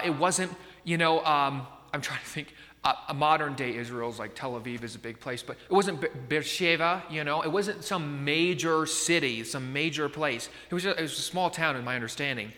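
A man's voice: a little high, pushed and bright, big-room sound. A man preaching a sermon in a conversational way, often checking in with his listeners. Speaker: pastor.

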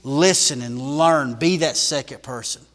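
A man preaching a sermon in a church, shifting from loud emphatic bursts to hushed lines. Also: mid-range voice, unhurried, in a large hall. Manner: emphatic preaching with big swings in volume.

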